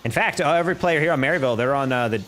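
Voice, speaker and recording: A young man from New York casting a live esports match, calling plays quickly and chatting with his stream viewers in between. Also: mid-range voice, soft background music. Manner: rapid play-by-play that jumps up in excitement, chatting with viewers between plays. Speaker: esports caster. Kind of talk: live-streamed play-by-play commentary with chat.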